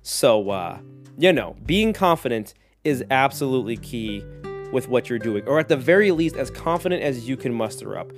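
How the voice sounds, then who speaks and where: A man hosting a solo podcast, talking casually in a jokey, animated way with lots of tangents. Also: medium pitch, moderate pace, soft background music. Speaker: podcast host.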